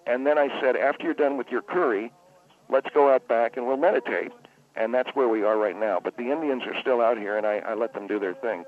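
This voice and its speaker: A man's voice: mid-range voice, a little fast. Rambling man on a tinny phone line. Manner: rambling, stammering, self-correcting. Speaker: spa owner guest on the phone. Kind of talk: comedic radio phone-in. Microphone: telephone.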